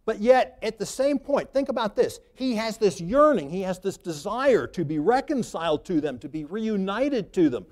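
A man's voice: high voice, big pitch swings, normal speed, few pauses, a little mellow. A man preaching a sermon in a conversational, free-flowing way, lifting his voice for emphasis.

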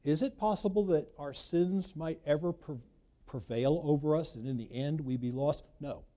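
A man preaching a sermon, emphatic, swinging between loud bursts and quiet asides. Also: a little high, moderate pace. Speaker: pastor.

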